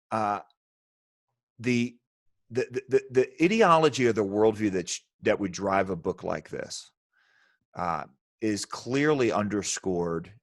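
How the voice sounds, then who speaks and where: A man's voice: low voice, no echo, studio quality. A man hosting a podcast discussion, emphatic and thinking aloud as he talks. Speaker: podcast host. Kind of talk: casual discussion.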